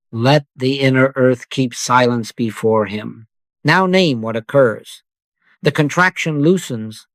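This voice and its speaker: A man delivering a scripted meditative sermon as a spiritual teacher, in a measured, solemn cadence of short phrases. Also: mid-range voice, fairly bright tone, dry recording.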